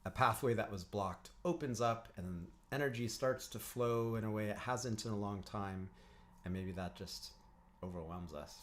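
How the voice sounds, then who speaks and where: A man who teaches didgeridoo and works as a counsellor gives a calm breathing lesson on a livestream. He speaks in an instructive way, often clears his throat and greets viewers in the chat. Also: fairly low pitch, moderate pace, slight background noise. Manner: chats with viewers in the live chat.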